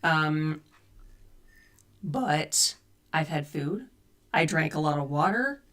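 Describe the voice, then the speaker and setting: A cosplay streamer with a low, fairly bright, expressive voice speaks slowly while hanging out with her live-stream viewers at home. She reads and replies to chat and tries to fix her audio, using a desk USB mic.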